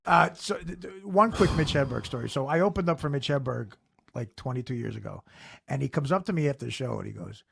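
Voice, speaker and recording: A man telling a profane, animated comic story about another comedian. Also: on the high side, a little fast, gravelly, slightly rough.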